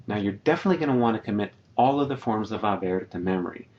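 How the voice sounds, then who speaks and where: Lower-voiced man teaching grammar slides. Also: lively intonation, quick pace, lo-fi sound. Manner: patient, explains step by step, repeats example sentences. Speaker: Spanish teacher. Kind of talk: slide-based grammar lecture.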